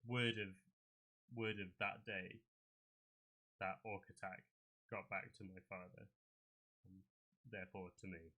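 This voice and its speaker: Man playing a wary adventurer, low-pitched and bright, measured and earnest. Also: fairly even intonation, heavily acted. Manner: measured, earnest in-character speech. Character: guarded male adventurer, wary and honorable.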